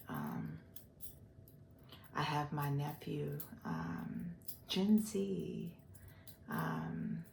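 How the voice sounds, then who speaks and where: An older woman from the Gulf Coast of Texas, rambling through a personal vlog with many pauses and fillers. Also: low-pitched, gravelly, echoey room, slight background noise. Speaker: vlogger.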